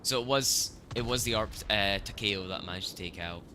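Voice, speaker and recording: A man giving casual, chatty gameplay commentary with excitable reactions. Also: fairly low pitch, a little fast, slight background noise. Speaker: gameplay streamer.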